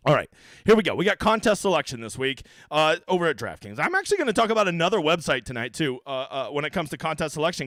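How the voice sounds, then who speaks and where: Fast-talking brash, profane male streamer. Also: fairly high pitch, very animated, fairly bright tone, no echo. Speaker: fantasy golf streamer. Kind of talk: casual livestream chat.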